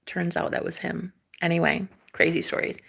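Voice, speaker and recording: A woman's voice: lowish voice, normal speed, creaky, slightly rough. A young woman telling a personal story in a casual, chatty way, swearing freely and acting out what others said. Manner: animated, chatty, swears freely, acts out quoted voices.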